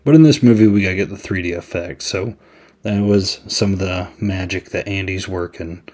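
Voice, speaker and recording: A man's voice: low-pitched, moderate pace, darkish tone. A man hosting a podcast, giving a casual, chatty movie review with many "I mean"s. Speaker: podcast host.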